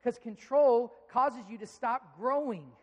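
A man in his thirties preaching a sermon, telling family stories in a relaxed, conversational way. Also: very high voice, measured pace. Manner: conversational, storytelling, animated when amused. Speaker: pastor. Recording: long reverb of a large hall.

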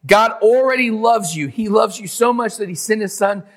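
A man's voice: high voice, normal speed, in a large hall. A man preaching a sermon in a conversational way, acting out biblical figures in modern slang. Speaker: pastor.

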